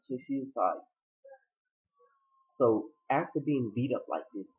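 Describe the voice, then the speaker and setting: A man recapping a TV episode in a casual, slangy, profane way, acting out the characters' lines with lively shifts in his voice. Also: fairly low pitch, a little slow, pauses often. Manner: animated, acts out characters' quotes. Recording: tinny phone-like sound.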